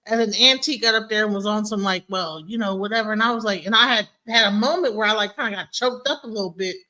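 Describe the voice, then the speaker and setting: A woman, a DJ and guest on a livestream, telling a story in casual chat and mimicking others. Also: fast. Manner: animated storyteller, mimics others in high voices.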